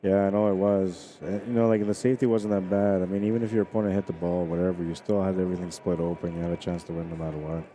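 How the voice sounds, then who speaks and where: A man's voice: low-pitched, fairly even intonation, fast, few pauses, dark tone, a little hiss or hum. A man giving casual, chatty commentary on a pool stream, talking to viewers and laughing. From Spanish heritage.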